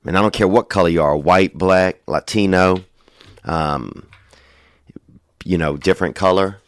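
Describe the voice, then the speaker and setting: Young male comic, deep voice, dry close sound, rambling profane monologue. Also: measured pace, clear, resonant tone, no room sound. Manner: profane, loose and digressive, frequent "dude" and "you know". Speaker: comedian. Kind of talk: rambling stand-up style monologue.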